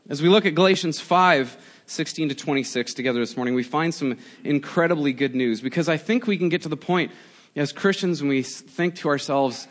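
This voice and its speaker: 40s guy pastor preaching, chatty storytelling, kinda high voice. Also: a little fast. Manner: conversational storytelling, animated. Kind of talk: sermon.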